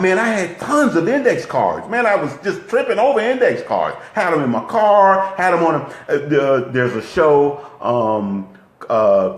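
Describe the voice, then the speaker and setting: A relationship coach gives a lively, repetitive motivational talk, regularly checking in with his listeners by asking "okay?" His medium-pitched voice carries a reverberant sound.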